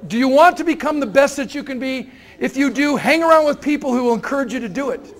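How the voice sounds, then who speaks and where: A man giving an energetic, joking motivational talk to university students, telling anecdotes and acting out quotes. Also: very high voice, fast talker. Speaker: motivational speaker. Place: university room with a live audience.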